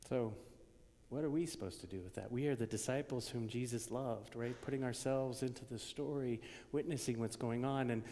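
Gravelly-voiced preacher in a reverberant hall. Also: male voice, medium pitch, normal speed. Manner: dramatic swings from loud to hushed whispers. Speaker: pastor. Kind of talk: sermon.

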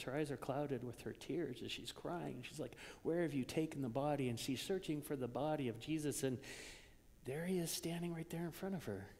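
A man preaching a sermon in a conversational way, moving between loud emphasis and hushed near-whispers. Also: a little high. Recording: long reverb of a church hall.

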